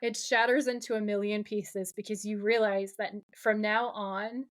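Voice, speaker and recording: A woman co-hosting a podcast, recapping a TV episode in casual chat with dramatic, animated retelling and occasional swearing. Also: mid-range voice, moderate pace. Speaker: podcast co-host.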